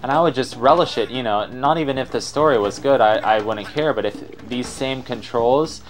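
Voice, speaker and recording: A man's voice: mid-range voice, moderate pace, soft background music. A young man giving casual gameplay commentary in a rambling, self-deprecating way. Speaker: let's player.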